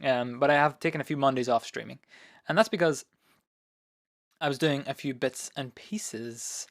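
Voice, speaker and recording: A man hosting his own live stream, chatting casually with viewers and rambling with lots of ums, his voice a little hoarse. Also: medium pitch, normal speed, no room sound, studio quality. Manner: relaxed, rambling, many fillers. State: voice going hoarse. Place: home studio.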